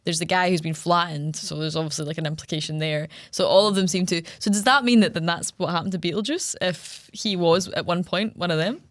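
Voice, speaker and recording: A woman's voice: fairly low pitch, brisk, few pauses, no room sound, clean studio sound. A woman co-hosting a podcast, chatting casually about a film in a rambling way with lots of fillers. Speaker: podcast co-host.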